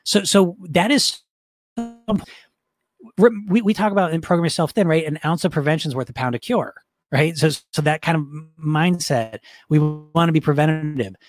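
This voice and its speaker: Coaching a live online weight-loss session, this man speaks at a moderate pace in a voice that's a little high. He works through viewer comments cheerfully, rambling, frequently starting over and breaking into laughter.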